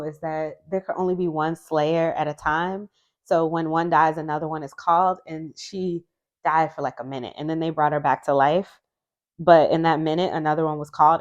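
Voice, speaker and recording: In a chatty, casual video response, a woman vlogger with a low, darkish voice reviews tarot decks. She rambles, laughs often, and keeps restarting her sentences.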